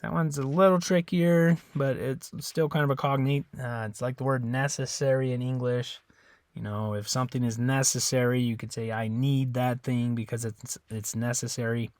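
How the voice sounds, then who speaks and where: A man teaching a beginner Spanish lesson in a relaxed, casual way, repeating words and pausing with fillers. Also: mid-range voice, no echo.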